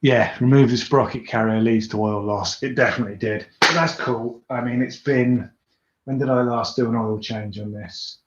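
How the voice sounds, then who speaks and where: There's slight background noise as a British man talks at a normal speed in a medium-pitched, fairly even voice on a live tinkering stream. He rambles through viewer comments in a chatty, self-deprecating way, and the recording is roomy and dull.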